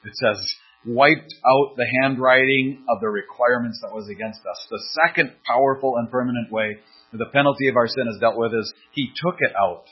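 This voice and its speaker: A man preaching an expository sermon, earnest and deliberate, leaning on key words as he reads and explains scripture. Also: mid-range voice, slightly rough. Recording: dull lo-fi sermon recording.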